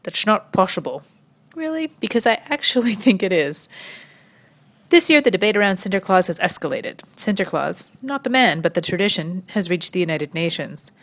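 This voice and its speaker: A young woman from Quebec hosting a scripted satirical comedy monologue, sarcastic and prone to sudden high mock-incredulous leaps. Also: animated, fairly quick, a bit bright. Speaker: satirical commentary host.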